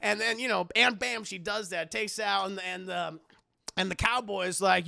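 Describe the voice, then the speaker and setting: A man's voice: sits high, steady tone, moderate pace, vocal fry, bright, forceful tone. A man streaming live, giving a casual, rambling movie recap and laughing at himself. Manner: laughing, rambling, self-mocking.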